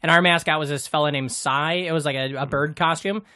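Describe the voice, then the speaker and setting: Brisk, bright-voiced storytelling man. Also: on the high side. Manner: animated storyteller, swears freely. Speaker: podcast co-host. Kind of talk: casual comedy chat.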